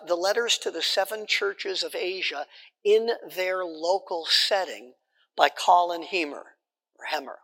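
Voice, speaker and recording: A man's voice: a little high, creaky, bright, forceful tone, in a large hall. A man teaching a Bible study class in a conversational way, repeating points and checking in with his listeners.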